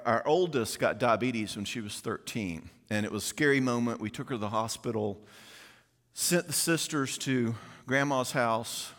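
A middle-aged man giving a folksy, animated conference talk, often acting out quoted voices. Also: mid-range voice. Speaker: conference speaker. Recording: long reverb of a large hall.

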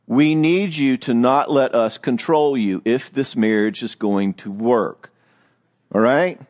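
A man, a therapist giving a lively, joking talk on marriage with some self-mockery. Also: medium pitch.

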